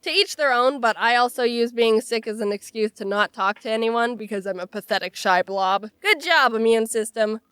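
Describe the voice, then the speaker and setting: A woman's voice: a little high, moderate pace, few pauses, fairly bright tone, clean tone, no echo, clean studio sound. A young woman with a stuffy, nasal voice from a cold, telling sarcastic, self-mocking stories in a casual comedic vlog. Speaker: animation vlogger.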